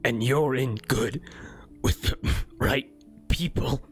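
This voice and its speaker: A man voicing a feeble, dying old gang boss who speaks in a slow, halting, breathy half-whisper. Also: medium pitch, faint music behind, close to an everyday voice. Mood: weak.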